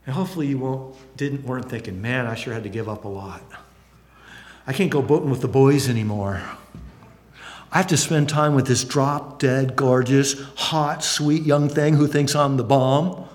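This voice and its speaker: A man preaching a sermon, lively and expressive, acting out excited voices now and then. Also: moderate pace. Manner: animated, acts out excited voices with big pitch jumps. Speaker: pastor. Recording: long hall reverb.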